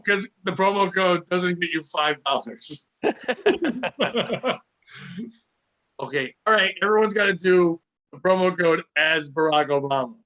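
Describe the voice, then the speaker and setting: A man hosting a comedy podcast with a high, bright voice. He riffs loosely and jokes his way from one bit to the next. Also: animated, takes it slowly, long pauses. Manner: joking, loose, riffing. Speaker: podcast host. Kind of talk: casual comedy chat.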